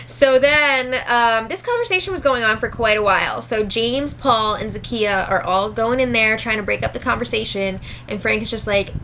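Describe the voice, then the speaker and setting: Young woman, casual recap, chatty, laughs a lot, slightly high voice. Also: normal speed, a bit bright, slight background noise, poor audio. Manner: chatty, laughs often, mimics quotes. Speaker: show recap host. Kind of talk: casual reality show recap.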